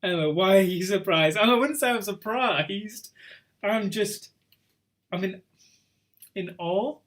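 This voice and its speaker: Chatty high-voiced quiz host. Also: male voice, slow, fairly bright tone. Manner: chatty and teasing, reads out scores and names. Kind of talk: casual online pub quiz hosting.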